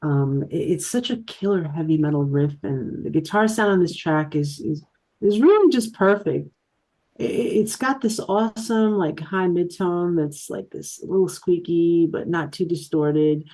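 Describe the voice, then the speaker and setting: Enthusiastic woman with a lower voice. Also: a little slow, mellow. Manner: enthusiastic with frequent word repeats. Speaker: podcast co-host. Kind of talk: casual chat.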